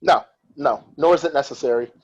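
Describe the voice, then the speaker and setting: A man's voice: medium pitch, fairly quick, a little mellow, breathy edge, dull audio. A man hosting a podcast, in casual chat, telling stories with animation and strong opinions. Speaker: podcast host.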